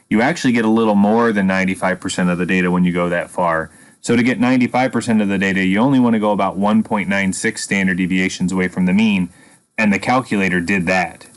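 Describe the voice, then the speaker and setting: A man teaching a statistics lesson, explaining patiently and step by step with a dry sense of humor. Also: fairly low pitch. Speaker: math teacher. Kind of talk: screen-recorded statistics lesson.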